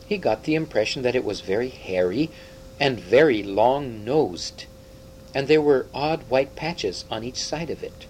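A man narrating a storybook aloud with expressive, dramatic delivery. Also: medium pitch, unhurried, slight background noise, poor audio. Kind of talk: audiobook storytelling.

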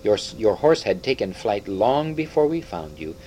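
A man reading aloud, voicing a kind old male talking badger with a husky, earthy voice. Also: fairly low pitch, very animated, normal speed, a little mellow, a little hiss or hum, rough recording. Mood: gentle.

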